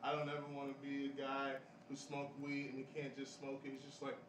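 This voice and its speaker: A man's voice: mid-range voice, completely flat delivery, a little fast. A young man doing a rambling stand-up set at a café open mic, laughing at his own jokes. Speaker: stand-up comedian. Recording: roomy live café sound from a distant mic with audience noise.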